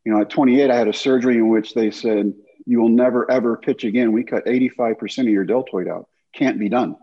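A man in his fifties, a former baseball pitcher and guest, telling animated stories over a video call and acting out quotes. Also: fast, slightly rough, dull audio. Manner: animated anecdotes with acted-out quotes. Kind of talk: storytelling in casual chat.

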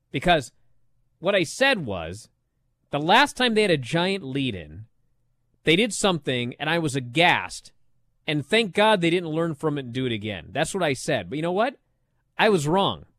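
A man co-hosting a sports talk radio show, excitably arguing his point and mimicking people as he tells the story. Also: fairly high pitch, normal speed, pauses often, dry recording.

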